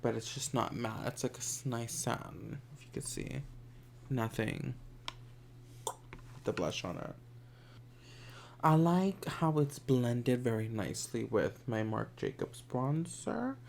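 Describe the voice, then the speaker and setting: Sassy, gravelly-voiced man doing makeup. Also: mid-range voice, very animated, takes it slowly, pauses often, a little mellow, a little hiss or hum. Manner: campy, sassy, chatty; drops to whispered asides. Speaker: makeup vlogger. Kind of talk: casual makeup tutorial chat.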